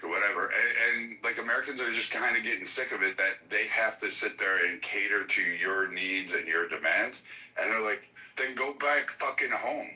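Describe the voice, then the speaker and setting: A man talks bluntly and casually, swearing freely. His voice sits low but sounds very bright. The room gives it a noticeable echo. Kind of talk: political talk.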